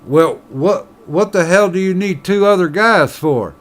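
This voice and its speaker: A man voicing a crude, frustrated male miner in a told joke, speaking loudly and exasperated. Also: high voice, measured pace, voice pushed up.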